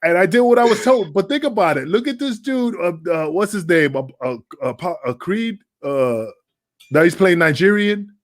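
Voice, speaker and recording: Animated, fairly high-voiced man telling stories. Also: normal speed. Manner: animated storyteller who acts out voices; swears freely, emphatic. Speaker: podcast guest, wrestler. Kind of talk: casual podcast chat.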